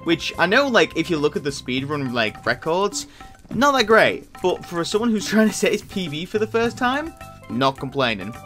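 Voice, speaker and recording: A man talks through his gameplay as a YouTuber in casual, self-mocking commentary. His pitch swings widely, rising and falling in an animated way. He is excitable and breaks into loud outbursts. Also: normal speed, soft background music. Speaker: gaming YouTuber.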